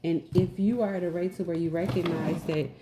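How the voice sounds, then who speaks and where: A woman's voice: fairly low pitch, fairly even intonation, brisk, reverberant, noisy background. A woman giving a casual spiritual message, repeating her points for emphasis and calling herself goofy. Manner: repetitive, emphatic, asks "right?". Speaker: spiritual teacher.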